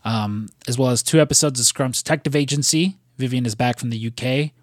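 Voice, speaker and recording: A man's voice: medium pitch, fairly quick, no echo, studio quality. A man co-hosting a casual podcast, talking in a rambling way with lots of fillers and casual swearing. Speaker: podcast co-host.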